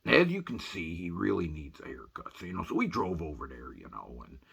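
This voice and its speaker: A man telling a rambling comic story in a folksy way, filling every pause with "you know", as a voice-over for photos. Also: sits low, wildly swooping pitch, gravelly, a crowd in the background.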